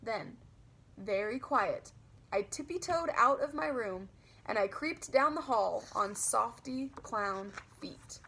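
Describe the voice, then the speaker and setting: Female children's audiobook narrator, lively childlike delivery, slightly high voice. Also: slow, a little hiss or hum.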